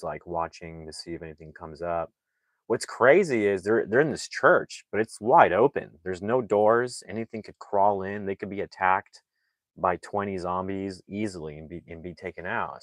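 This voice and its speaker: A man with a low voice rambles through a movie plot in casual chat, filling every gap with "like" and "you know." He jumps into the characters' lines on the fly. The sound is dry, with no room around him. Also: dry recording. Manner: rambling, heavy use of "like" fillers; acts out characters' lines in quick asides. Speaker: movie reviewer.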